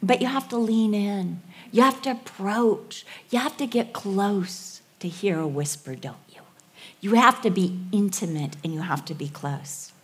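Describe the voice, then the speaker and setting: Slow-speaking woman in her sixties preaching. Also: medium pitch, slightly rough. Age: 60s. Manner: storytelling, playful, drops to a soft hush for emphasis. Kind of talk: sermon.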